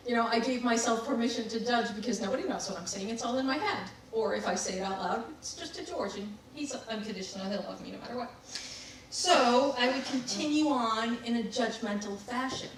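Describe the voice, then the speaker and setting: Woman giving a self-deprecating spiritual talk, kinda high voice, far from the mic in a super echoey room, faint hiss. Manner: candid, laughs at herself. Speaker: spiritual speaker. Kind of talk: reflective talk on personal growth.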